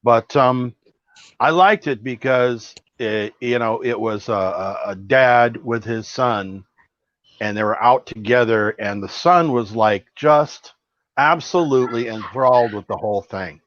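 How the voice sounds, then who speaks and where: A man's voice: medium pitch, a little slow, a bit bright, no echo. A man co-hosting a podcast, talking in a rambling, hesitant way with many restarts. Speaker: podcast co-host. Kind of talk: casual podcast chat. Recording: dry, dull lo-fi audio.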